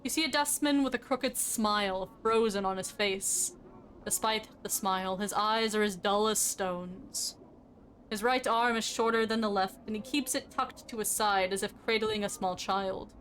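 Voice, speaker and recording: A woman's voice: mid-range voice, normal speed, a bit bright, a little hiss or hum. A young woman streaming, reading game narration aloud in a casual, plain manner.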